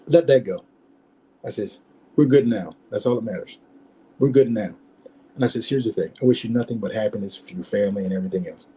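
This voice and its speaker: Husky, mellow-voiced older man telling stories. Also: lowish voice, brisk. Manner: emphatic, repeats words, acts out quoted exchanges. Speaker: guest, former pro running back. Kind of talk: podcast interview storytelling.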